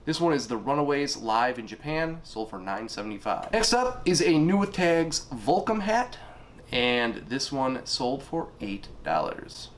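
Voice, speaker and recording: A man's voice: medium pitch, big pitch swings, measured pace, slight background noise. A middle-aged man casually running through items he sold online, rambling with fillers and unsure asides. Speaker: online reseller. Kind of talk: casual spoken sales rundown.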